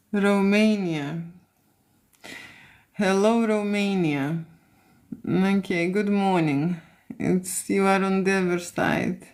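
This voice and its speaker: A Lithuanian woman with a Lithuanian accent chats casually on a livestream as a photographer, reading out comments and dropping plenty of "okay?" and "you know." Her voice is mid-range, her intonation fairly even, and she speaks slowly.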